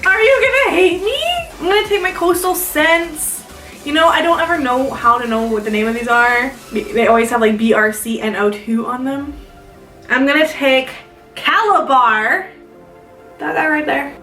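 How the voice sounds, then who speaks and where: A woman's voice: high voice, moderate pace, fairly bright tone, far from the mic. A young woman from South Dakota chatting casually while doing her makeup, rambling with lots of "like" fillers. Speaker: beauty vlogger. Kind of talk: casual get-ready-with-me chat. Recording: echoey room, a bit off-mic, faint music.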